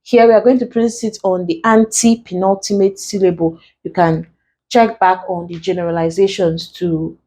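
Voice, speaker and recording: Fairly low-pitched, steady and dark in tone, a Nigerian woman with a Nigerian English accent teaches an online exam lesson, going through every answer deliberately step by step.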